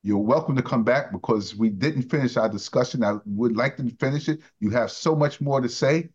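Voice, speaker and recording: A man hosts a union radio show, asking his guest leading questions in a conversational way. His voice sits at a middle pitch. The sound is dull and lo-fi. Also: brisk, darkish tone, slightly rough. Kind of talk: radio interview.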